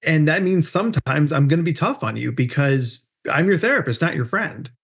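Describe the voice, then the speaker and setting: A man's voice: fairly high pitch, animated, a little fast, a bit bright, husky. A man in his thirties hosting a podcast, upbeat and joking, often tagging "right?" onto his points. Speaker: podcast host. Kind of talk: casual podcast chat.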